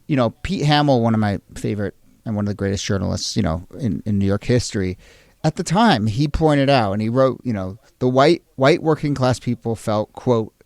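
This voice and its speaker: A man's voice: lowish voice, animated, brisk, creaky, darkish tone, no room sound, clean studio sound. A man co-hosting a history podcast, earnest and reflective, stressing key words as he makes his points. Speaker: co-host of a history show. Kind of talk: analytical podcast discussion.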